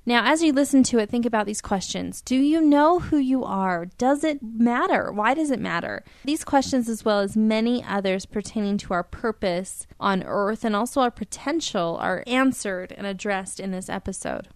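A woman presenting a program with a scripted introduction, clear and inviting, asking reflective questions. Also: fairly high pitch, moderate pace, hardly any pauses, dry recording, clean studio sound.

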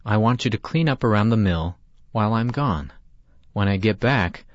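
A man's voice: lowish voice, expressive, moderate pace, dry recording, lightly acted. A man reading a story and voicing a stern, protective middle-aged father who speaks with firm intensity. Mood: calm. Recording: dull lo-fi dry recording.

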